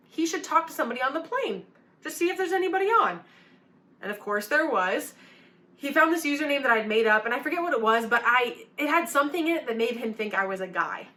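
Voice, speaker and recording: A young woman speaking to a youth group in a relaxed, talky sermon. Her voice is bright and clear, set a little high for a woman. She tells a story with energy and sprinkles "like" through her sentences. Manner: chatty and animated, frequent "like" fillers.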